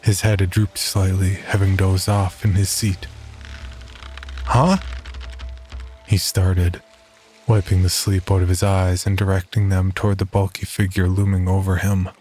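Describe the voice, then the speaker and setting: Low-voiced man narrating horror. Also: faint music behind. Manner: steady, measured storytelling.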